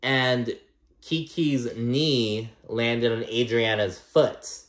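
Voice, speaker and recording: A man's voice: medium pitch, extremely slow. A man giving a casual, gossipy recap of a reality show episode, swearing freely and peppering his talk with likes and you knows. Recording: roomy echo.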